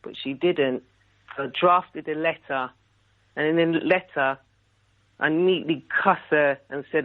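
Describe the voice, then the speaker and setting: This radio caller has a low-pitched voice and takes her time, leaving long pauses. Over a thin, tinny telephone line, she recounts her story indignantly and with animation, voicing the other people's lines herself.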